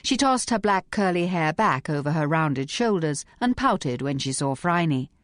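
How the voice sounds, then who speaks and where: A woman narrating an audiobook in a measured, even reading voice. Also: low-pitched, no room sound, studio quality. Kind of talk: scripted narration.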